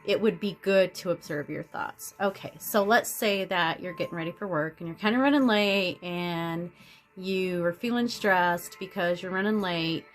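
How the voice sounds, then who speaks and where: A woman's voice: on the low side, normal speed, soft background music. A woman vlogger talking through a self-help idea in a rambling, casual monologue, often restarting her sentences and acting out everyday stories. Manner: rambling, many restarts and fillers; animated storytelling.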